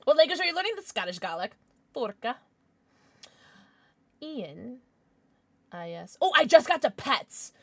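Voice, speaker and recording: A woman's voice: fairly high pitch, sing-song, measured pace, pauses often, dry recording. A tired woman livestreaming a game, chatting casually and rambling with her viewers, reading out names and laughing often. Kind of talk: casual chat with viewers while gaming.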